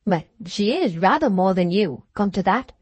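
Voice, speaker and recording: A woman reading an audiobook, voicing a determined young working man in her own mid-pitched voice. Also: expressive, moderate pace, a little mellow, husky, dry recording. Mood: firm. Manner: firm, determined.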